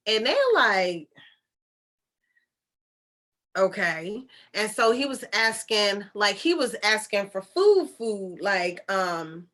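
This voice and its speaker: A woman's voice: medium pitch, lively intonation, takes it slowly, pushed and bright. A woman retelling a story in a casual monologue, chatty and incredulous, with rhetorical questions and informal speech. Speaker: channeler and storyteller.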